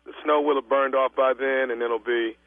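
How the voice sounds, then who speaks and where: A man on a phone call posing as a travel agent, calm but stammering and stubborn. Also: medium pitch, moderate pace, no room sound. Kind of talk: radio prank call. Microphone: telephone. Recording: tinny dry phone line.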